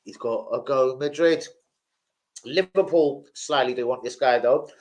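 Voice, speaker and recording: On a live stream about football transfer news, a young male host keeps things animated and jokey while calling out chat names. His voice is mid-range and his pace measured.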